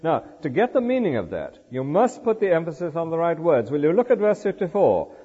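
Older male preacher, lively, echoing church. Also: a little high, brisk, breathy edge. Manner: lively expository preaching, rhetorical asides. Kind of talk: sermon. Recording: dull lo-fi recording in a reverberant church.

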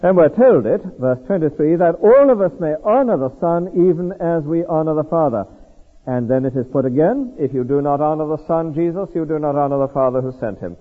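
A man preaching an expository sermon to a congregation, animated and full of rhetorical questions to the listeners. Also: on the high side, fairly quick. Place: large hall before a congregation. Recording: echoey hall on a tinny lo-fi line.

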